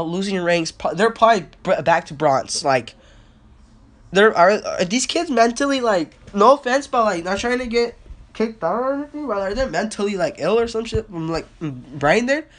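A young podcast host ranting in a rambling, excitable and profane way, recorded on a phone with no microphone. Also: mid-range voice, normal speed. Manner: excitable, profane, storytelling with quotes. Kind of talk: rambling casual rant. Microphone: phone without a mic.

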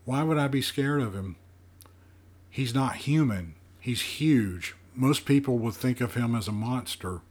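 A man's voice: medium pitch, a little slow, a little mellow, pitched above the performer's own voice, lightly acted. A man voicing a nine-year-old girl in an audiobook, curious, direct and full of questions. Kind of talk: audiobook character voice.

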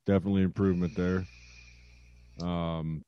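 A man co-hosting a casual podcast chat, relaxed and rambling with lots of fillers. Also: low voice, normal speed, smooth, muffled recording. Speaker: podcast co-host. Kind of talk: casual wrestling review chat.

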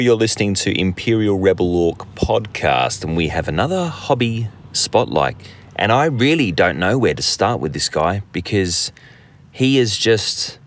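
An Australian man hosts a podcast in a casual, rambling monologue, full of jokes and self-mockery. His voice sits a little low. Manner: rambling, jokey, self-deprecating, many fillers and restarts. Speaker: podcast host.

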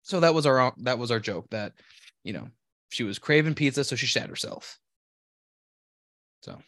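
A man's voice: mid-range voice, lively intonation, normal speed, fairly bright tone, no echo, clean studio sound. A man co-hosting a podcast, rambling through a story in casual, profane and self-deprecating chat. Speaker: podcast co-host.

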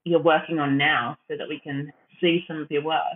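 A man's voice: fairly high pitch, little pitch movement, normal speed. A man co-hosting a podcast, politely asking his guest questions. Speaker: podcast co-host. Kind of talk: casual podcast interview. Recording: echoey tinny phone-like line.

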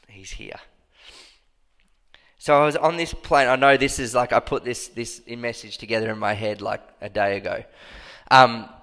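A man delivers a fervent sermon in a church hall. His voice jumps into high, emphatic outbursts, and a long reverb trails after each phrase. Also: a bit bright, clean tone. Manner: passionate, bursts into high emphatic cries. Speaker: pastor.

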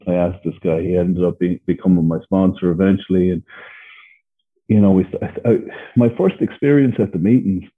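A man's voice: deep voice, breathy edge. An Irish man, a podcast guest, telling his story in a blunt, profane, candid way and laughing as he goes. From Ireland. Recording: phone-like narrow sound.

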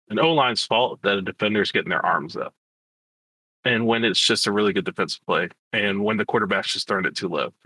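A man's voice: lowish voice, bright, forceful tone, dry recording, poor audio. A man co-hosting a sports podcast, talking casually and rambling with hesitant restarts. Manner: rambling, hesitant, self-correcting. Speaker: podcast co-host.

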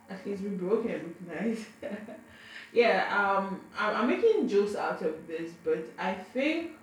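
A woman's voice: mid-range voice, lively intonation, takes it slowly. A young adult woman telling a personal story to camera in a casual, frank way, often tripping over and repeating her words. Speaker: vlogger. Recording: very echoey room, faint background noise.

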